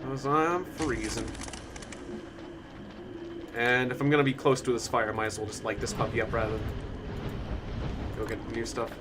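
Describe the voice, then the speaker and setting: A man's voice: mid-range voice, fairly even intonation, normal speed, long pauses, background noise. A man chatting casually while streaming a game, rambling with lots of fillers and frequent laughter. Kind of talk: casual live-stream chat while gaming.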